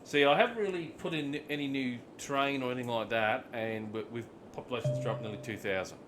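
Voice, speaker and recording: Over music, a man with an Australian accent speaks at medium pitch and a quick pace while live-streaming a city-building game. He's relaxed and casual, drifting off into rambling, slang-filled stories.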